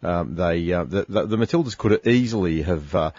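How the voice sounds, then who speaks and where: A man hosting a radio chat, speaking haltingly with many fillers. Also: sits low, animated, a little mellow, slightly rough, no room sound, lo-fi sound. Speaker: radio host.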